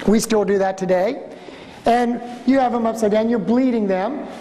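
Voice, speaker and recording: A man giving a storytelling conference lecture as a museum director, an animated speaker who acts out the voices in his stories. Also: high voice, normal speed, a little hiss or hum. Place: conference hall. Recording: reverberant lecture hall.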